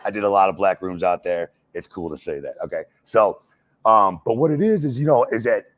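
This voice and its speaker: American man, very low voice, dry mic, profane casual storyteller, filler-heavy. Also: fairly quick, no echo. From United States. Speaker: wrestler and stand-up comic guest. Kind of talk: casual uncensored interview.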